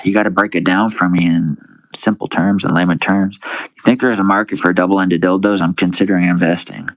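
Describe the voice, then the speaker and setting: A man's voice: low voice, little pitch movement, fairly quick, no room sound, rough recording. A young man on a casual livestream, reading viewer comments aloud and answering them with crude, profane, laid-back banter, calling everyone dude. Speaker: live streamer.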